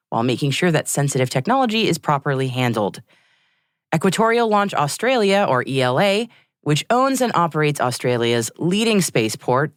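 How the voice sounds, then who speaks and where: A woman co-hosting a space news podcast, reading scripted news items with a lively, clear delivery. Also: deep voice, no echo, clean studio sound. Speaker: podcast co-host.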